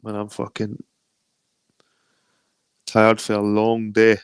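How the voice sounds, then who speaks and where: A Scottish man of around forty hosts a loose livestream chat, greeting viewers and reading out their comments. His low, gravelly voice sounds dry and close. He rambles and swears freely. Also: completely flat delivery, slow, dry recording. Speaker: livestream host.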